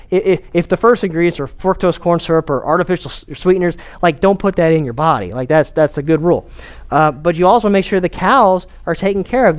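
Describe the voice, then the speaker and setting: High-voiced energetic man giving a seminar. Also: smooth. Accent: Texan. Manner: energetic, conversational, repeats himself. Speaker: chiropractor giving a health talk. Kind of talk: casual seminar talk to an audience.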